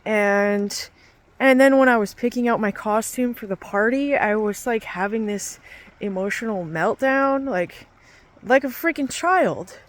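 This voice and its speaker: A woman's voice: on the high side, unhurried. A woman, a fitness instructor and aerialist, talking earnestly into her handheld phone outdoors, shivering in the cold, with many fillers and restarts. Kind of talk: casual testimonial vlog.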